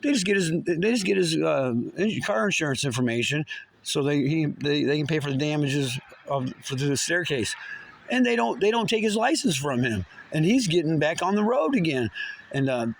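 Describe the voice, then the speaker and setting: A man with a somewhat high voice rants in a casual monologue. He rambles and restarts often, swears freely, and sounds agitated throughout. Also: expressive, moderate pace, vocal fry.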